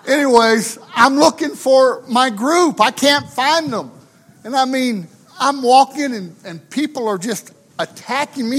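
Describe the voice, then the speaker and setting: A man's voice: very high-pitched, slow pace, fairly bright tone. A pastor from the United States telling a funny story in a sermon. He is folksy and chatty and often tags his lines with questions.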